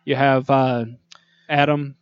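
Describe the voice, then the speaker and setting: A man's voice: medium pitch, level tone, takes it slowly, smooth, no echo. A man co-hosting a casual chat, talking loosely and listing details. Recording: dull lo-fi dry sound.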